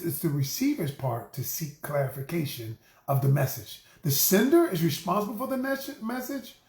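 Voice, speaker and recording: A middle-aged man, a relationship coach and host, giving an animated, preachy motivational talk and calling his listeners y'all. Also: sits high, echoey room.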